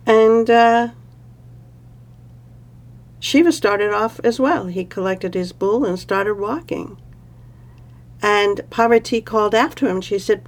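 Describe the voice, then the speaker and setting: A woman storyteller with a gravelly, creaky voice, narrating in an easy, conversational manner. She pauses and says "uh" now and then as she goes. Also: mid-range voice. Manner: relaxed, conversational, with fillers. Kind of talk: oral storytelling.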